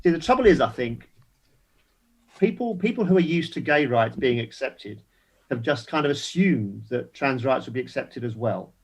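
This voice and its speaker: A man's voice: medium pitch, lively intonation, moderate pace, breathy edge. An older man, a guest activist on a casual online panel, making emphatic, indignant points and repeating words as he builds them.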